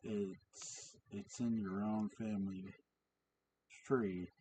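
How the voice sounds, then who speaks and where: A man plays a villager squaring up to the mayor in a pub, low and slow but confrontational. Faint hiss and a distant mic. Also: steady tone, mellow. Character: angry man in a pub crowd.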